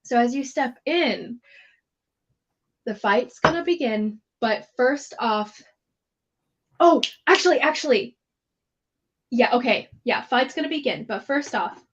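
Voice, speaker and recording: A woman's voice: a little high, lively intonation, takes it slowly, long pauses. Chatty woman game master, lo-fi. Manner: loose, chatty narration. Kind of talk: narrating a tabletop game.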